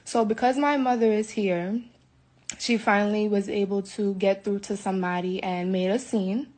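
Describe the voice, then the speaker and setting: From a hotel room, an American livestreamer pours out an emotional rant into her phone, agitated, indignant and repetitive. Her voice is mid-range and a little mellow, with fairly even intonation at normal speed.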